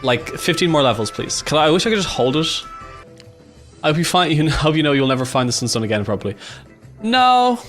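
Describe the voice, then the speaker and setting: An Irish man giving casual, excitable gameplay commentary, swearing freely and thinking aloud as he plays. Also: on the high side, fast talker, soft background music. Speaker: gaming YouTuber.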